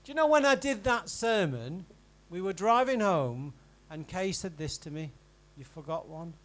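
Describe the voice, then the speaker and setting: Man, pastor, high voice, conversational sermon, emphatic then hushed, church. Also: big pitch swings, normal speed, low-quality recording. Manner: conversational preaching, swinging from emphatic to quiet and intimate.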